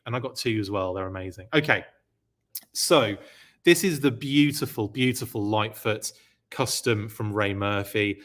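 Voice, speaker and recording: Male host, excitable live-stream presenter, chatty with lots of fillers. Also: medium pitch. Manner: excited, gushing; chatty, many fillers and restarts. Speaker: podcast host. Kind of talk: live-stream show-and-tell, reading viewer comments.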